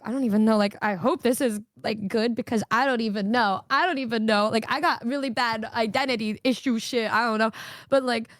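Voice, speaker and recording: A woman streamer with a fairly high voice chats casually, rambling fast with plenty of fillers and swearing a lot. The sound is clean studio quality with no echo.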